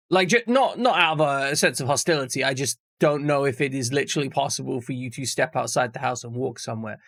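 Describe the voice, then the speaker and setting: Male streamer, fairly high gravelly voice, dry close mic, rambling jokey chat. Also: fairly bright tone, no echo. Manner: rambling, jokey, swears freely. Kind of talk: casual chat with stream viewers.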